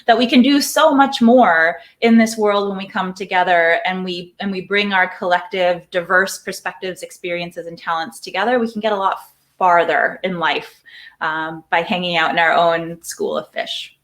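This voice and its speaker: A woman's voice: fairly low pitch, moderate pace, fairly bright tone. A middle-aged woman, a psychology professor, answering interview questions in a thoughtful, explanatory way, sometimes repeating words as she thinks.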